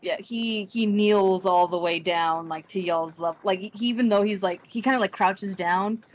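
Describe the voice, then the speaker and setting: A woman's voice: medium pitch, normal speed, slight background noise. A young adult woman narrating a tabletop game as game master, rambling with lots of restarts and fillers. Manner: rambling, full of likes and restarts.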